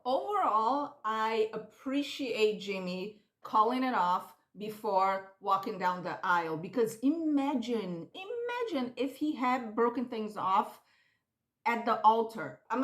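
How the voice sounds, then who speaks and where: A woman hosting her own channel, giving opinionated, animated reality TV commentary in casual chat and acting out quotes. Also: on the high side, unhurried, echoey room.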